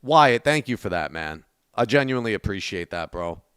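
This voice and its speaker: A man chats casually with his live-stream audience while he plays, thanking donors and talking straight to chat. His voice is bright and smooth and swings up and down a lot. The sound is dry and close, with no room around it. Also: fairly low pitch, lively intonation, normal speed, no room sound. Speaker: game streamer. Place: at a desk.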